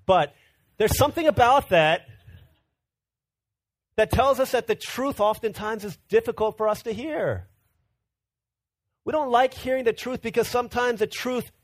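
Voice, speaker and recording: A man's voice: high-pitched, very animated, unhurried, pauses often. A man preaching a sermon as pastor, earnest, often repeating words as he builds a point.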